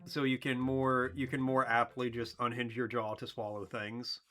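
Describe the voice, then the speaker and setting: A man's voice: medium pitch, little pitch movement, normal speed, a bit bright, soft background music. Goofy joking male streamer. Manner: joking, goofy, riffing on chat. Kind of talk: casual gaming stream chat.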